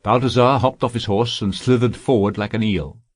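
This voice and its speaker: Steady male audiobook narrator, dry sound. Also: mid-range voice, moderate pace, no room sound.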